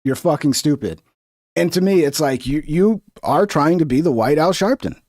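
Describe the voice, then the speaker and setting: A man's voice: fairly high pitch, animated, moderate pace, darkish tone, no room sound, studio quality. Fired-up sarcastic man ranting. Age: 30s or older. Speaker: reaction show host. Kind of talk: profane political reaction commentary.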